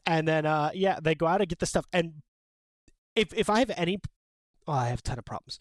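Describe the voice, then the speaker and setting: Higher-voiced man, dry close sound. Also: brisk, no room sound. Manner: animated, opinionated, many "like" fillers. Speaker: podcast co-host. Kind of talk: casual chat about a manga.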